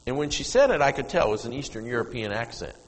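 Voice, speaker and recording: A middle-aged man preaching a sermon as pastor, telling a story and moving from hushed asides to loud, emphatic peaks. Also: mid-range voice, big pitch swings, fast. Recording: long reverb of a church hall.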